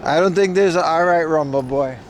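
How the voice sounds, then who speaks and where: A man's voice: fairly high pitch, a little fast, a little hiss or hum. A sleep-deprived man hosting a casual livestream, joking sarcastically with chat while walking along a city street. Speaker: livestream host. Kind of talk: casual IRL stream chat, reading chat.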